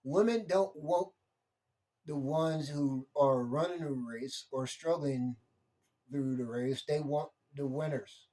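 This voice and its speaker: A young man rants with heat, circling back over his points and swearing freely. His voice sits a little high with a mellow, soft-edged tone. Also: slow pace. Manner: heated, repetitive, swears freely. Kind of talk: impassioned monologue rant.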